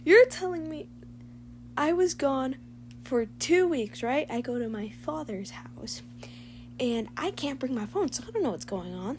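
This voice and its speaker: A woman's voice: high voice, slight background noise. A young woman who makes fan voice-overs, chatting casually with her viewers in a gushing, emotional, rambling way. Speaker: fan voice-over creator.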